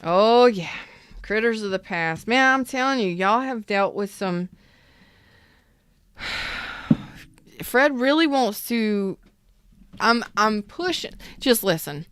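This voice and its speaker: A woman's voice: a little high, lively intonation, takes it slowly, pauses often, a bit bright, clear, resonant tone, dry recording, studio quality. A woman hosting a live tarot reading, casual and emphatic, repeating phrases and chatting with viewers. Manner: talks to viewers in the chat.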